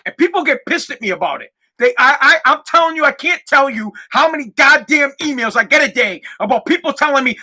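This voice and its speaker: A man hosts his own podcast and rants alone at the mic. His voice is bright and cutting, and he keeps circling back over the same points. He swears often and rises into shouts when his outrage boils over. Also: very high-pitched, expressive, brisk, few pauses. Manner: heated, profane, repeats himself, shouts at times. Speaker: podcast host. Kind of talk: angry solo rant.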